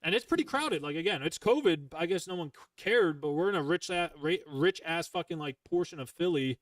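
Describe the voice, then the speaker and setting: A man's voice: a little high, expressive, brisk, fairly bright tone, dry recording, far from the mic. A man hosting a podcast, telling a heated, profane story in casual chat and rambling with restarts. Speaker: podcast host.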